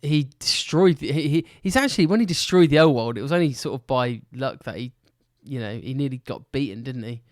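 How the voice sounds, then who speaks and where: Lively, teasing man. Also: mid-range voice, a little fast, few pauses. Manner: teasing, banters and swears. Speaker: podcast co-host. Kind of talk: casual podcast chat. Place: cold room at home.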